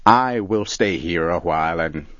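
A man voicing Barry, a gentle cowboy. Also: low voice, dry recording. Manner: calls out loud and slow. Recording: dull lo-fi recording.

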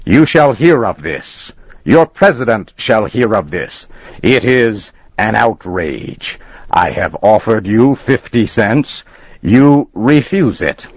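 A man voicing a furious, indignant gentleman customer who shouts and sputters. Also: on the low side, sing-song, slow, no room sound, exaggerated voice. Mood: outraged. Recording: dull lo-fi recording.

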